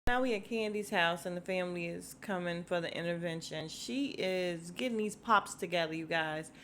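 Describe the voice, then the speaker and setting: A woman from hosting a podcast, recapping a reality show in casual chat, laughing often and jumping high when she quotes people. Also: moderate pace, a bit bright, a little hiss or hum. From Chicago. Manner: chatty, laughing, quoting others in bursts of high pitch. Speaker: podcast host.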